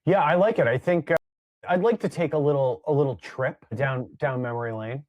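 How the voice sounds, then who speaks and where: Podcast co-host, a man with a mid-pitched voice who teases wryly; dry, close sound. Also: brisk, darkish tone, no room sound. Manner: wry, teasing. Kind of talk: casual podcast banter.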